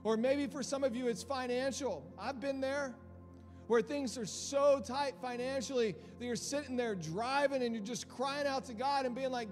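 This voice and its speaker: High-voiced man preaching in a reverberant hall. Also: moderate pace. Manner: impassioned, rising from quiet to loud, repeats phrases. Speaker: pastor. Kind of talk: sermon. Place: church hall. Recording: long hall reverb with faint music.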